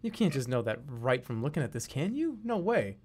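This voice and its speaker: Male streamer, middle pitch, big swooping delivery, jokey live commentary to chat. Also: a little fast. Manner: jokey, animated, talks to chat.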